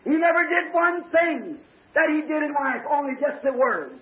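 A man preaching an impassioned revival sermon, often breaking into shouts. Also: extremely high pitch, expressive, moderate pace. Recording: echoey lo-fi tape, tinny like a phone.

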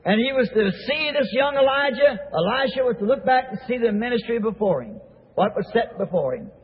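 A man's voice: extremely high pitch, expressive, fairly quick, slightly rough. A man preaching a sermon, retelling the story with vivid detail and frequent restarts, on a tinny, echoey old recording.

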